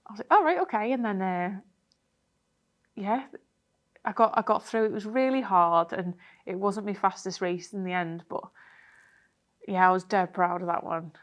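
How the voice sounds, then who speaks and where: A woman's voice: medium pitch, normal speed, long pauses. Chatty woman telling a race story. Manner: chatty, animated retelling with many fillers. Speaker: triathlete guest. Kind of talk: casual interview storytelling.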